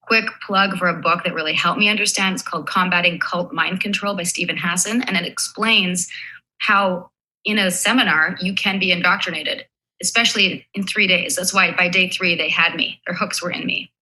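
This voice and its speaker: A woman's voice: lowish voice, fairly even intonation, normal speed, pushed and bright, rough recording. A woman on a podcast, explaining her views thoughtfully and carefully. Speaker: podcast guest. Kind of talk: reflective podcast talk.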